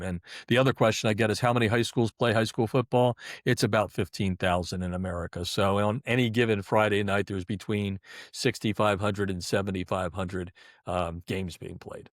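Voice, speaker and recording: A middle-aged man with a lowish voice talks as a guest in a conversational interview; he edits a sports website. He's folksy and chatty, restarting his sentences often. The recording is dry and of studio quality.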